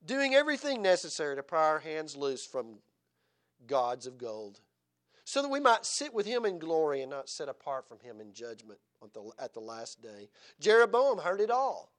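A male pastor preaching a sermon, swinging dramatically between loud exhortation and hushed tenderness, with frequent chuckles. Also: fairly high pitch.

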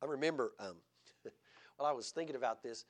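A man's voice: medium pitch, quick pace. A man preaching a sermon in church, reading scripture aloud and driving his points home with rhetorical questions. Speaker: pastor.

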